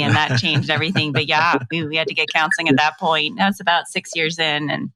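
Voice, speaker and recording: A woman with a very low voice and a bright, forceful tone co-hosts a podcast. She talks candidly and conversationally about her own life. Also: flat delivery, fairly quick, few pauses, dry recording. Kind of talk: casual interview.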